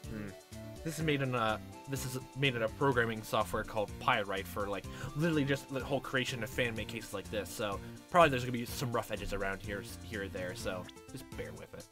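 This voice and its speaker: A man's voice: lowish voice, a little fast. Rambling joking man over game music. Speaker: let's player. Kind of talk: playing a game and commenting. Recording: game music playing behind.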